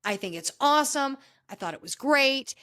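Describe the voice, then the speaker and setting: A woman podcast host talking in a relaxed, chatty way, with a voice that sits a little high. She is opinionated and acts out what other people said as she goes. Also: normal speed. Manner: chatty and opinionated, acts out quoted dialogue, frequent restarts. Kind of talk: casual chat recapping a reality show.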